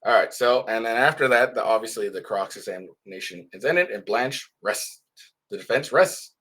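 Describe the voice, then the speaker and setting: A man's voice: on the low side, normal speed, fairly bright tone. A man with a stuffy nose giving casual, rambling commentary on live updates, full of restarts.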